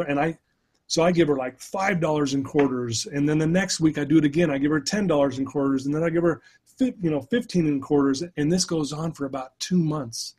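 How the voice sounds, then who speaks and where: Husky-voiced man telling an earnest story. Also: a little high, darkish tone. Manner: earnest, emotional storytelling with many restarts. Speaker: podcast guest. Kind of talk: personal storytelling in an interview.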